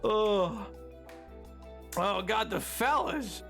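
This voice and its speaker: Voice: mid-range voice, expressive, extremely slow, vocal fry, a bit bright, faint music behind. A streamer on a live gaming stream, loopy and giddy, laughing hard through nearly every sentence.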